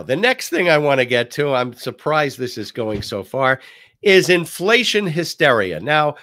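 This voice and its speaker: Talk host, male, lively ups and downs in pitch, dry close sound, chatty commentary. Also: no echo. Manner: animated, swooping inflection, frequent restarts. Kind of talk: political commentary chat.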